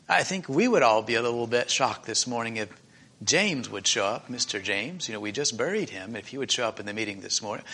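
A man with a high, bright voice preaches to a church meeting. He retells the story emotionally and conversationally, with frequent restarts. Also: lively intonation, normal speed. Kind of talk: sermon retelling a scripture story.

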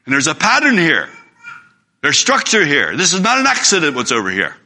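A man's voice: fairly high pitch, huge pitch swings, brisk, sharp tone. A man preaching a sermon in an earnest, emphatic way, reading scripture aloud.

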